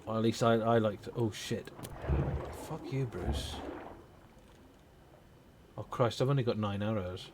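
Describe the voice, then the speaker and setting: A man's voice: on the low side, steady tone, fairly quick, few pauses, noisy background. Swearing man ranting over gameplay. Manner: rambling, swears freely, opinionated. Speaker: gaming channel host; parent. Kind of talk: casual chat over gameplay.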